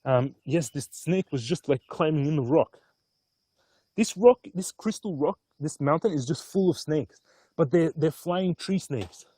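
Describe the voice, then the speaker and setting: A man chatting casually on a live stream from an outdoor hilltop, easygoing and often excited. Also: on the high side, a little slow, slightly rough, no room sound. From Australia. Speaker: stock market vlogger.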